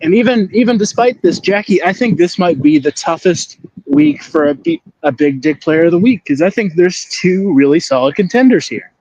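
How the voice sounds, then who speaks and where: A man's voice: high-pitched, big pitch swings, normal speed, creaky, a little mellow. A young man co-hosting a sports podcast in casual chat, teasing and wisecracking. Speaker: podcast co-host. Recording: dry, dull lo-fi audio.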